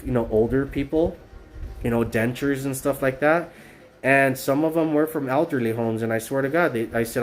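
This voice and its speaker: A man's voice: medium pitch, a little mellow, a little hiss or hum. A man livestreaming from his phone, talking earnestly in a rambling way, with lots of fillers, restarts and repetition. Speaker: streamer. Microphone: cell phone.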